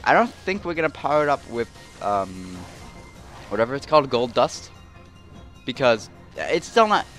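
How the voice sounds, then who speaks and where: A man's voice: medium pitch, a bit bright. Rambling, chatty young let's play man. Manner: rambling, self-deprecating, many fillers.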